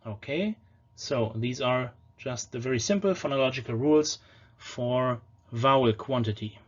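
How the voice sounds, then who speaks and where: A man giving a patient lecture on ancient pronunciation, often slowing down to sound out single words. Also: medium pitch, muffled recording. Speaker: language lecturer.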